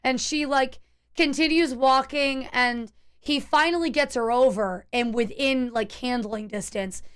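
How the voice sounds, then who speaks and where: A woman with a high voice streams to her chat and recounts a tense encounter as a casual story. She talks in an animated rush, stumbling over restarts and leaning on "like" as she goes. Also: unhurried, smooth.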